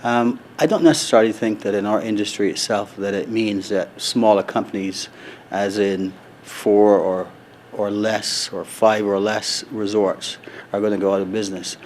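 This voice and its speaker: A middle-aged man with a fairly low voice, talking in an earnest, measured way and often restarting his sentences. Faint background noise sits under his voice. He sounds like an executive answering questions in a casual interview. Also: fairly even intonation, darkish tone. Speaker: resort executive, interview guest. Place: convention floor.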